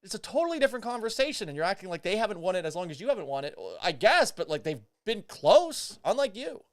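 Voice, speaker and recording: A male sports talk host ranting with disbelief and the odd curse. His voice sits a little high and swings widely in pitch as he argues. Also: quick pace. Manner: animated, profane, incredulous. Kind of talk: casual sports talk rant. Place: Houston.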